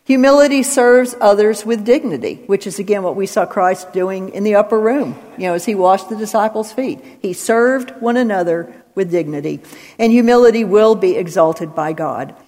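A woman's voice: mid-range voice, moderate pace, a little mellow. A woman giving an expository Bible teaching, working through numbered points and citing scripture with emphasis. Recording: long hall reverb.

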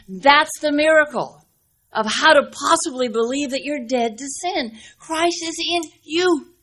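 An older woman delivers a sermon with a slightly high voice. She is earnest and emphatic and stretches out key words for weight. She slips easily into folksy storytelling. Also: lively intonation, fairly bright tone. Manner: earnest, emphatic, speeds up and slows down for stress; folksy storytelling with acted-out dialogue. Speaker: speaker at a women's Bible teaching.

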